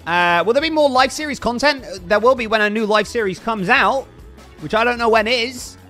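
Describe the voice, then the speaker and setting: A man's voice: very high voice, fairly quick, sharp tone, soft background music. A man livestreaming a game in casual, upbeat chat, reading out viewer names and thanking donors.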